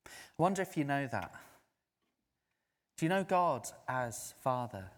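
A man's voice: mid-range voice, big pitch swings, unhurried. A man preaching a sermon, telling a story and acting out others' words in a raised voice. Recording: long hall reverb.

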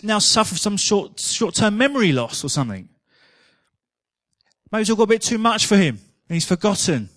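A man's voice: high-pitched, fairly bright tone, dry recording, studio quality. A man preaching a sermon in a chatty, humorous storytelling manner.

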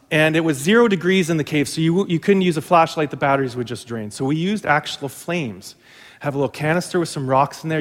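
A man's voice: fairly high pitch, in a large hall. A male pastor telling a humorous, self-mocking story during a sermon.

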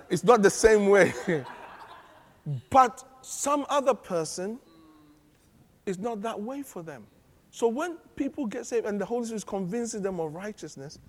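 A man preaching a sermon, animated and humorous, often laughing as he teaches. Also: sits high. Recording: long reverb of a large hall.

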